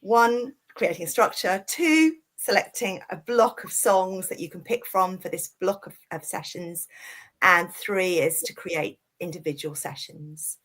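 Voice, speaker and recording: Low-voiced woman explaining a plan. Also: measured pace. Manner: steady, explaining step by step. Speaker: music session leader. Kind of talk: webinar teaching.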